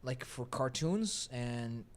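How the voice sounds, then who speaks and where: A man's voice: medium pitch, lively intonation, takes it slowly. A man from Qatar, a podcast co-host in casual chat, who gives firm opinions and explains them at length.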